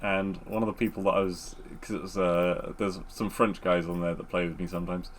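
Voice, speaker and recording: A man co-hosting a podcast, chatting in a relaxed way, laughing easily and swearing casually. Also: low-pitched, fairly quick, a little hiss or hum. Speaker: podcast co-host. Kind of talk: casual chat.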